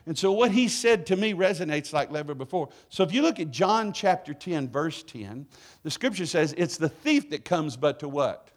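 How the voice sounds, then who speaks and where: A man's voice: on the high side, lively intonation, normal speed. A middle-aged man preaching a sermon in a church, joking and calling for responses from the congregation. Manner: playful, call-and-response with congregation. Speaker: guest preacher. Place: church sanctuary.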